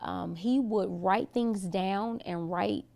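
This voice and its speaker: Middle-aged woman, pastor guest, earnest storyteller, some vocal fry. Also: mid-range voice, takes it slowly, a little mellow. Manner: earnest, storytelling, frequent restarts. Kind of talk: casual interview talk.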